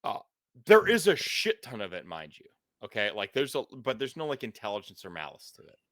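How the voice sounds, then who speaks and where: Man, game master, animated pitch, loose casual narration, dry sound. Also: fairly quick, no room sound. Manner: loose, filler-heavy narration with "like".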